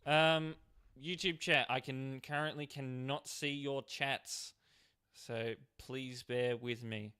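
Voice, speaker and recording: Bright-voiced streamer chatting casually. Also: male voice, medium pitch, fairly even intonation, takes it slowly, clean tone. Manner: casual, rambling, with frequent fillers. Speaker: game streamer. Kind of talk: live-stream commentary, reading chat aloud.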